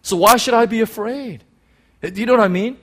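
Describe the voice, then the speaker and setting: A man preaching a sermon, telling a personal story in an excited, animated way with many restarts. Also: high-pitched, a little fast.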